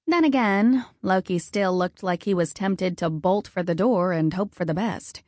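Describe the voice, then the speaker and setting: A woman narrating a first-person fantasy story in a calm, even storytelling manner. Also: on the low side, measured pace, hardly any pauses, no room sound, clean studio sound. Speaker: audiobook narrator.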